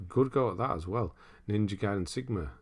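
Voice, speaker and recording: Speaking a little fast in a deep, slightly rough voice, a young streamer chats casually, reading out viewers' comments. He rambles through his thoughts on them and laughs frequently.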